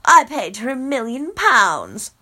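Woman playing a shrill cackling madwoman, very high, wildly swooping, storybook villain. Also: slow pace, heavily acted. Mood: smug. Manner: shrill, sing-song, then flat and smug. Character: unhinged young woman villain, shrieking and cackling.

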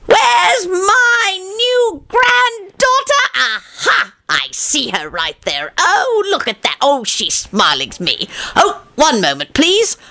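A man mimicking a jolly, excitable old grandfather who exclaims over a new baby. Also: very high voice, takes it slowly, few pauses, voice pushed up, full character voice. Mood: excited.

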